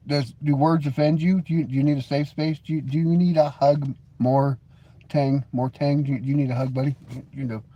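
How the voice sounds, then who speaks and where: A man's voice: fairly high pitch, dark tone. A man hosts a casual live stream, talking straight to his chat in a slightly raised voice. He teases viewers with heavy sarcasm, breaks into laughter often, and trips over repeated words as he goes. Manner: mocking, sarcastic teasing with frequent stammered restarts.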